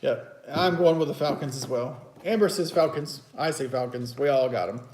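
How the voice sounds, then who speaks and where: A man's voice: medium pitch, moderate pace, darkish tone, slight background noise. A man hosting a casual, teasing sports picks chat at home. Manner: chatty, teasing, loose and rambling. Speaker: host. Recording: echoey room.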